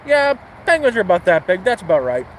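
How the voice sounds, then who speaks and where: A man's voice: high voice, sing-song, fast, slight background noise, rough recording. A man voicing a patient bartender who answers odd questions. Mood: patient, puzzled.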